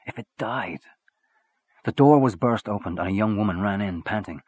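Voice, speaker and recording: A man with a fairly low, husky voice narrates a short story. His reading is measured and expressive. The recording is dry and close. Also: no echo.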